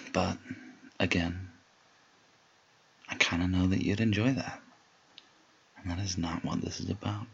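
A man in a whispered role-play, speaking in a slow, low murmur with a commanding, teasing manner. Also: fairly even intonation, vocal fry, a bit bright, husky, dull audio.

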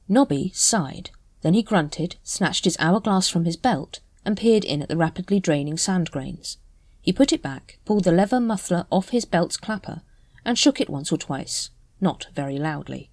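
A woman's voice: on the low side, moderate pace, dry recording, clean studio sound. A woman reading a story aloud as narrator, telling it expressively. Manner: expressive storytelling with voiced characters. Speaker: audiobook narrator. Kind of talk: scripted narration.

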